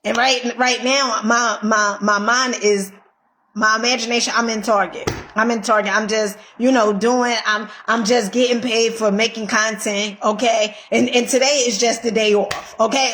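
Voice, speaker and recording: A woman's voice: on the high side, fairly even intonation, normal speed, a bit bright. A woman giving a casual motivational pep talk, emphatic and repetitive, swearing freely and checking in with "okay?". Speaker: motivational vlogger.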